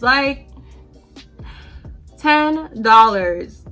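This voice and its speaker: A woman's voice: a little high, normal speed, bright, forceful tone, faint music behind. A young woman vlogger animatedly telling a storytime while getting ready, acting out the quoted lines. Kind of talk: storytime while doing her hair.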